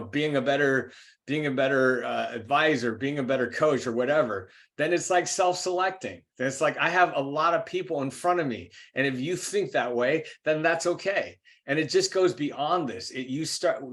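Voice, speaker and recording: A man's voice: mid-range voice, fairly bright tone. Rambling man sharing on a call. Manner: rambling, many restarts and "you know"s. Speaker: participant on a group call. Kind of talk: casual heartfelt sharing.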